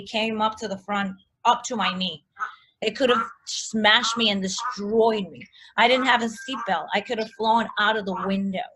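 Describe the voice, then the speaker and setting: A woman telling a personal story as a guest in a casual chat, animated, full of likes and restarts. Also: on the high side, a little hiss or hum, low-quality recording.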